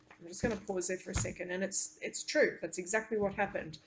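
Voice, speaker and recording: A woman, a teacher, reading a novel aloud to her class and stopping to explain it in earnest, halting asides. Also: mid-range voice, fairly even intonation, a little hiss or hum.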